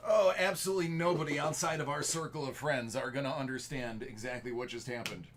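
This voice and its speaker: A man's voice: mid-range voice, steady tone, brisk, fairly bright tone. A middle-aged man hosting a live card-break stream, chatting casually and informally straight to his viewers.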